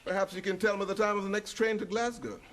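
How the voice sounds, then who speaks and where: A man's voice: very high-pitched, expressive, unhurried, exaggerated voice. An actor playing a mischievous male doctor who teases a patient in an exaggerated put-on dialect. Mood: mock-grand. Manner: teasing, mock-menacing, exaggerated put-on dialect. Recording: noisy broadcast with loud studio laughter.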